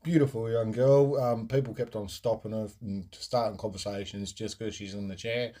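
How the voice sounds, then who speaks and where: A man's voice: on the low side, fairly even intonation, normal speed, warm tone. A young man, hosting a podcast and telling a personal story in a frank, rambling way, full of fillers and restarts. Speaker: podcast host. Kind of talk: casual storytelling monologue.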